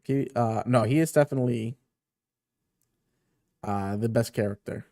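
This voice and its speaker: Excitable man reacting to a comic. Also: mid-range voice, brisk, long pauses, no room sound, studio quality. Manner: excitable, laughs often, repeats himself. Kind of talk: casual reaction chat.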